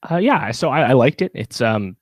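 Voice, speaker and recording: A man's voice: mid-range voice, big pitch swings, normal speed, dry recording. A man co-hosting a podcast, chatting casually through a TV review with plenty of fillers and restarts. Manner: rambling, many fillers and restarts. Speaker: podcast co-host.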